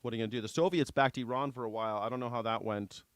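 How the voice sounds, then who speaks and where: A man's voice: medium pitch, fairly even intonation, rapid-fire, crowd noise. A man hosting a live news reaction show, sarcastic, jokey and profane in casual commentary.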